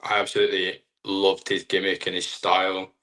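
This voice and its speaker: A man's voice: sits low, monotone, moderate pace, bright, forceful tone. A young man, a wrestler, chatting casually in an interview in a rambling, self-deprecating way. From Britain. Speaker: wrestler guest.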